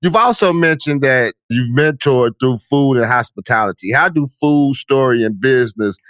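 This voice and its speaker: A man's voice: mid-range voice, moderate pace, a bit bright, dry recording. A man hosting a podcast interview, talking in a preachy way and often checking in with his listener. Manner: preachy, repeats "you know what I'm saying". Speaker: podcast host.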